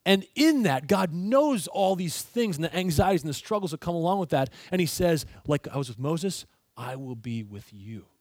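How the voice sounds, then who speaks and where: A man preaching an earnest sermon, dropping low and soft whenever he quotes God. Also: very animated, moderate pace, no room sound. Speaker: pastor.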